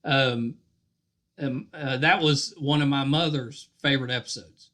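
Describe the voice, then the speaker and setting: A man's voice: medium pitch, steady tone, measured pace, sharp tone. A man hosting a podcast interview, friendly and affirming, asking follow-up questions. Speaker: podcast host. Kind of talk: casual interview.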